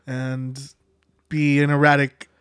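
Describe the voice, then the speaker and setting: A man's voice: medium pitch, completely flat delivery, slow pace, fairly bright tone, clear, resonant tone, no echo, clean studio sound. Crude, bantering podcast co-host man. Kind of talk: casual chat.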